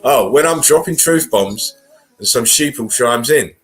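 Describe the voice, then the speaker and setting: A man's voice: mid-range voice, animated, a little slow, soft background music, low-quality recording. A man with an English accent talking casually and bluntly as a livestream host, rambling and swearing as he comments.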